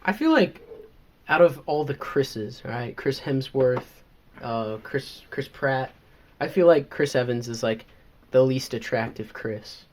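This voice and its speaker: A man's voice: medium pitch, animated, a little slow, slight background noise. A young man from the American South with a Southern accent, co-hosting a podcast in rambling, laid-back casual chat. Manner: rambling, laid-back, lots of likes and fillers. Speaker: podcast co-host.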